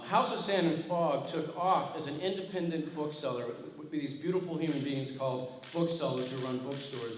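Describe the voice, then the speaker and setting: Middle-aged man telling lively stories in an echoey hall. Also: fairly high pitch. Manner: animated, self-mocking, salty language, laughs often. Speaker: author on a panel. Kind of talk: anecdotal storytelling on stage. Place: large hall at a festival. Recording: echoey hall, far-off mic, noisy.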